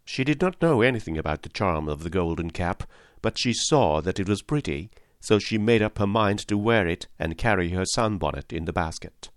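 A man narrates a classic children's story in a calm, measured reading voice. His pitch sits on the low side. The recording is dry and close, with no room sound. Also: no room sound. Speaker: audiobook narrator.

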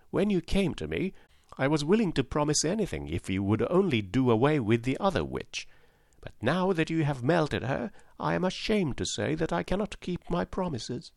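Casting: a man playing a meek old fraud wizard, gravelly, lively lilt, storybook reading. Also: mid-range voice, no room sound, clean studio sound, pitched above the performer's own voice. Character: humble old humbug wizard, gentle and apologetic.

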